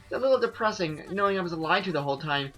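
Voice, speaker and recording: A man's voice: sits high, expressive, fast, a bit bright, soft background music, rough recording. A man voicing a bubbly, nervous teenage girl from a game, reading her lines aloud in a chirpy, breathless way.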